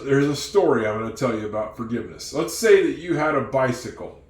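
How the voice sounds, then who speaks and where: A man teaching English tells a moral story to his students, acting out each character as he goes. His voice sits at an ordinary middle pitch. The room around him is noticeably echoey. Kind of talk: storytelling lesson.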